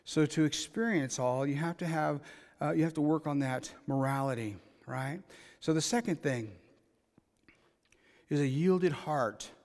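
A middle-aged man preaching a sermon, talking conversationally and building to loud, emphatic passages. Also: on the high side, a little slow. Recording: long reverb in a large hall.

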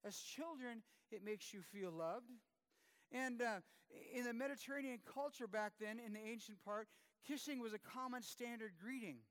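Pastor, high-pitched, chatty self-deprecating sermon to his congregation. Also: normal speed, a bit bright, clean tone. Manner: conversational, self-deprecating, with many fillers and restarts. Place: church.

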